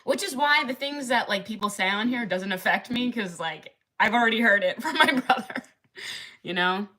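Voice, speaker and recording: A woman's voice: fairly high pitch, moderate pace, sharp tone. A young woman livestreaming, chatting casually with many fillers and frequent laughs. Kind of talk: casual live-stream chat.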